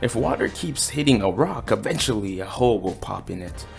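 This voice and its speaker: A man's voice: lowish voice, expressive, fairly quick, gravelly, faint music behind. A man voicing a brash, defiant young male pirate captain in a blunt, cocky way.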